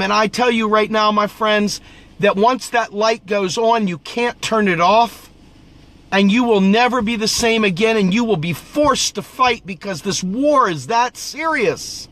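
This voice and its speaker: Speaking at a measured pace in a high, somewhat bright voice, a man who hosts political videos rants passionately. He swears, preaches, repeats phrases for emphasis, and occasionally coughs.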